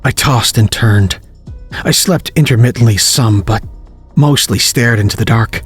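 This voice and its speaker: A man's voice: medium pitch, unhurried, breathy edge, faint music behind. Man narrating a tense horror story. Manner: tense, hushed, building urgency. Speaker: narrator and author.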